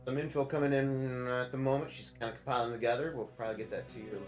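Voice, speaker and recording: A man voicing a stoic, gruff middle-aged man with a flat Canadian accent in a tabletop game. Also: medium pitch, fast talker, reverberant, soft background music, lightly acted. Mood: matter-of-fact.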